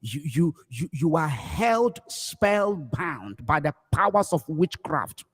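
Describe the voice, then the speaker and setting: Fervent Nigerian pastor, high voice. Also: male voice, very animated, slow pace, breathy edge, in a large hall. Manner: emphatic, repeats phrases, swings from loud cries to hushed low words. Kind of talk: impassioned preaching livestream.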